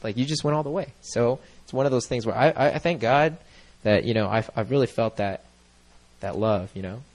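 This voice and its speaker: A man's voice: mid-range voice, fairly quick, darkish tone. A young man sharing a personal testimony at a church gathering, talking into a microphone in a mid-range voice. He rambles earnestly, leaning on "like" and "you know" and breaking into easy laughs. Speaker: church member giving a testimony.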